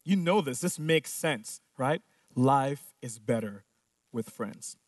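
A man preaching a sermon who asks rhetorical questions and slows down to stress key points. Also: mid-range voice, animated, no echo, clean studio sound, distant mic.

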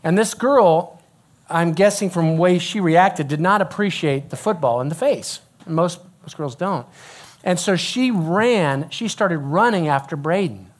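A middle-aged man giving a sermon, an animated storyteller who drops to a hushed voice when quoting dialogue. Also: fairly high pitch, unhurried. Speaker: youth pastor.

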